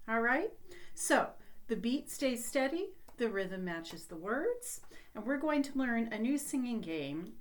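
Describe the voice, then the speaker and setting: Patient sing-song woman teaching kids music. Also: medium pitch. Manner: slow, patient, sing-song delivery for young children. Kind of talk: children's music lesson.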